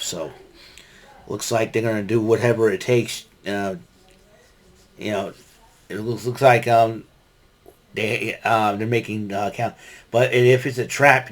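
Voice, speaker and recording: A man giving a casual solo wrestling recap, rambling with many fillers and restarts. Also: on the low side.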